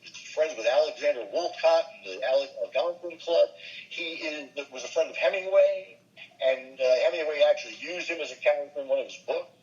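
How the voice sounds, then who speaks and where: A man's voice: fairly high pitch, brisk, lo-fi sound, faint music behind. Older male voice actor telling stories. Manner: animated storyteller, slips briefly into impressions. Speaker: voice actor, interview guest. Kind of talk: casual interview chat.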